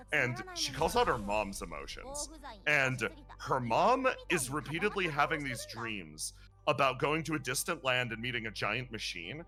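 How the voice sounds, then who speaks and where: A man chatting casually as a streamer, animatedly retelling a game's story and laughing now and then. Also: medium pitch. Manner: animated, laughs and breaks into playful character voices. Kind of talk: casual chat recapping a game story.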